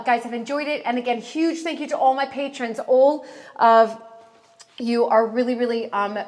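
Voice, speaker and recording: An American woman giving a casual, chatty vlog tour of her estate outdoors and talking into a handheld camera. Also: fairly high pitch. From United States. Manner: chatty, bubbly, exclamatory. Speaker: vlogger touring her estate. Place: outdoors on a country estate, then a church.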